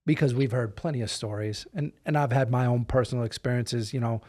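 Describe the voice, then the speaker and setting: A man's voice: medium pitch, a little fast, mellow. A man hosting a podcast, chatting casually and responding supportively to his guest. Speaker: podcast host. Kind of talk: casual interview chat.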